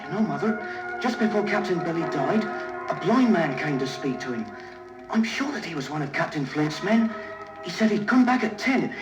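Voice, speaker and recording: A man's voice: fairly high pitch, lively intonation, moderate pace, natural voice. An actor playing an earnest young boy, the innkeeper's son, on a vintage children's story record. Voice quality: eager, polite. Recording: echoey vintage vinyl with music behind.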